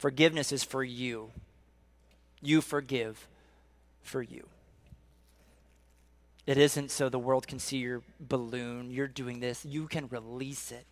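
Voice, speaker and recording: A middle-aged man preaching a sermon as a pastor, telling stories with animation and dropping to a soft hush to drive points home. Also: medium pitch, slow pace, long pauses. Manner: animated storytelling, drops to a soft hush for emphasis.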